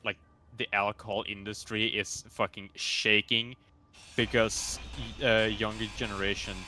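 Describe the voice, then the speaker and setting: A man chatting while gaming, who talks haltingly with many fillers and restarts as he brings up news. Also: on the low side, little pitch movement, a loud crowd. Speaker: co-player. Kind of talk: casual chat while playing.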